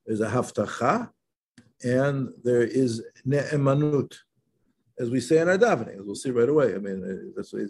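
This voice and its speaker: A man teaching an informal Torah class, talking in halting phrases with frequent restarts and checking questions. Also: lowish voice, gravelly, darkish tone, breathy edge. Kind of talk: informal religious lesson.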